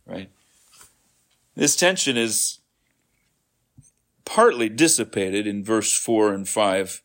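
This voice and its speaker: A man's voice: fairly low pitch, slow, pauses often, a bit bright. A man preaching a sermon after a scripture reading, explaining in a conversational way and often checking in with the congregation. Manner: conversational, frequent "right?" checks, restarts.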